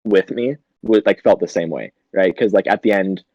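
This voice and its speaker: A young man co-hosts a podcast in casual conversation, laughing often, swearing, and using lots of fillers. His voice sits low at a normal speed, and the recording is dry with dull audio.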